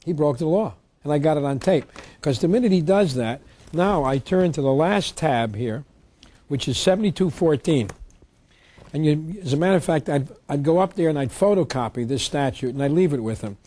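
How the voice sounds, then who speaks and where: Emphatic man lecturing, mellow tone. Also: on the high side, animated, normal speed. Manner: emphatic, reads statutes aloud. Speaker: lecturer on tax law. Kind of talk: public lecture.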